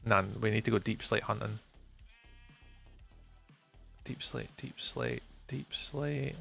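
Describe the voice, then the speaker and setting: A man's voice: lowish voice, gravelly, sharp tone. A Scottish man live-streaming a game, chatting with viewers and muttering to himself as he plays. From Scotland. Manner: chatty, answers chat readers by name, mutters to himself while playing. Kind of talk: live-stream chat while gaming.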